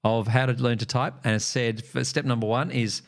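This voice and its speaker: A man's voice: mid-range voice, fairly even intonation, brisk, gravelly. Australian man telling a rambling story. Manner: meandering storyteller, many ums and uhs. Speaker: streamer. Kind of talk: casual stream chat.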